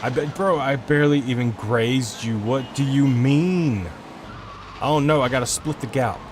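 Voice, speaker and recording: Man, mid pitch, casual streamer commentary, frustrated and profane, noisy home mic. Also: a little slow. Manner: frustrated, swearing, rambling. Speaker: gaming streamer. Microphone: desk microphone.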